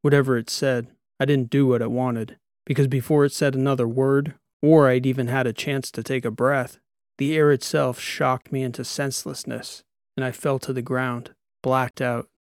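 A man reading a sci-fi audiobook in the first person, with steady, measured storytelling and a close studio mic. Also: mid-range voice, no echo. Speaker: audiobook narrator.

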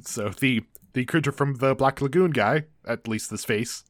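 A man's voice: medium pitch, normal speed, no room sound. A man co-hosting a casual recap chat, walking through the plot in a wry, laid-back way. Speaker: podcast co-host.

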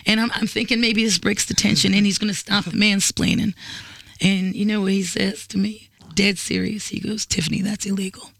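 Blunt, profane woman with a gravelly bright voice. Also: mid-range voice, flat delivery, normal speed, dry recording. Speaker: podcast guest. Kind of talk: casual chat, storytelling.

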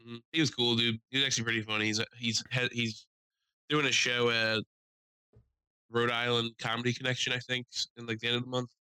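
A young man co-hosting a podcast, telling animated stories with lots of swearing, acting out quotes in a raised voice. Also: mid-range voice, a little fast, clean tone, no room sound, low-quality recording. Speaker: podcast co-host. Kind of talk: casual storytelling chat.

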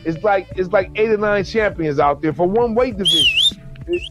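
Animated high-voiced man in casual chat. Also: normal speed, over music. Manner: animated, profane, acts out quotes.

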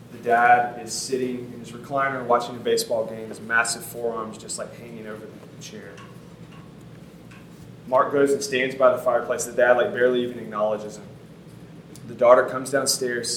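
Pastor, male, 30s, casual earnest sermon storyteller, mid-pitched, echoey room, off-mic with faint noise. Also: a bit bright. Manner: conversational, casual fillers, earnest. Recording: roomy sound from a distant mic.

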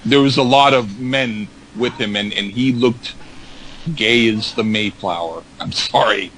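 A man's voice: medium pitch, a little slow, fairly bright tone, low-quality recording. Rambling, stammering man telling stories. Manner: rambling, stammering repetitions, acts out quotes. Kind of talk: casual chat, anecdote telling.

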